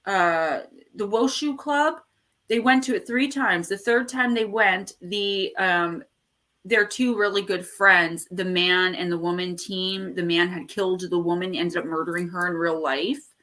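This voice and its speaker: A woman chats on a live stream in a casual, rambling way. She tells stories with lively energy, and her voice has a bright, forceful edge. Her pitch sits in a middle range. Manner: animated, rambling storyteller who acts out quotes. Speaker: host of a live paranormal talk stream. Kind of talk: casual livestream chat.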